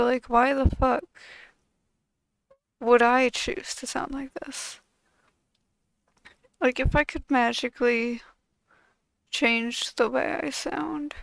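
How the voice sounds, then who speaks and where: A woman's voice: high-pitched, gravelly, no echo, poor audio. A woman channel host venting to camera in a frustrated, profane, bitter way.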